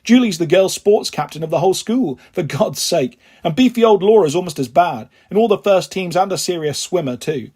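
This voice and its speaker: A man reads a children's novel aloud, telling it steadily in the first person. His voice is husky and breathy and sits high for a man. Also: lively intonation, brisk, hardly any pauses, a little mellow. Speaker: audiobook reader.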